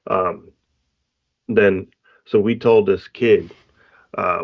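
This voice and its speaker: A man's voice: sits low, steady tone, drawn-out words, gravelly, pauses often. A man co-hosting a podcast, telling a story in a laid-back casual chat and laughing often. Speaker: podcast co-host. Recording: dull lo-fi sound.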